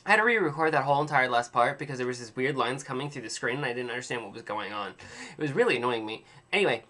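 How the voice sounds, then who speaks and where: A man's voice: medium pitch, expressive, very fast, bright, forceful tone. A young man rambling in a casual video diary, telling an exaggerated, dramatic story with playful self-mockery. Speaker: vlogger.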